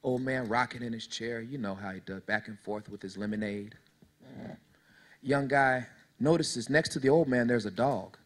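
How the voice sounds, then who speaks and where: A man's voice: mid-range voice, moderate pace. A man in his thirties giving a motivational speech to young people. He tells folksy stories and leads the audience in call-and-response. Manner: preachy call-and-response, talks straight to the audience; storytelling, folksy. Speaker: motivational speaker to youth.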